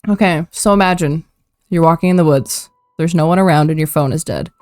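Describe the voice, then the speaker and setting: A young woman hosting a casual podcast, giggling often and filling pauses with ums. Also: low-pitched, darkish tone, no echo, studio quality. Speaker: podcast host.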